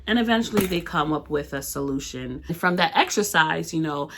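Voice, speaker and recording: A woman's voice: low voice, lively intonation, normal speed, noisy background. A young adult woman co-hosting a casual chat, talking with many fillers and frequent laughs. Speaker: co-host.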